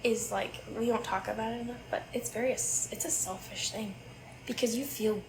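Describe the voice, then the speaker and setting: A woman's voice: fairly high pitch, steady tone, moderate pace, vocal fry, background noise. A woman who owns a restaurant, a podcast guest talking casually, self-deprecating and heartfelt, often giggling. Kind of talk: casual interview chat.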